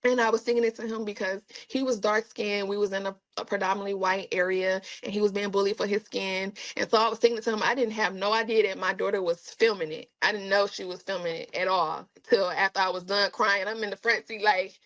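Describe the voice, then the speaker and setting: A woman being interviewed as an influencer, chatting casually and telling animated stories, often slipping into playful voices and laughing. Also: medium pitch, fast, few pauses, rough recording.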